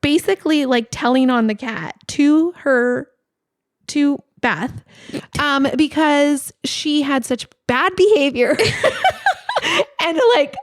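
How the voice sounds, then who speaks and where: A woman in her forties, co-hosting a podcast and telling a story in a casual, animated way full of "like.". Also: sits high, slow pace, no room sound, clean studio sound. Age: 40s. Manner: animated storytelling, many "like" fillers. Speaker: podcast co-host. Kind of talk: casual chat.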